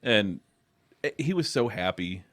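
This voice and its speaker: A man's voice: lowish voice, lively intonation, measured pace, a bit bright, dry recording, clean studio sound. A young man chatting as a podcast guest, telling rambling stories with plenty of swearing and laughter. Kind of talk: casual chat.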